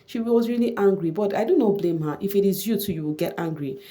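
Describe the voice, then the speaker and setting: A woman vlogger with a chatty, animated manner, recapping a reality show in casual gossip commentary. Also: medium pitch, fast talker.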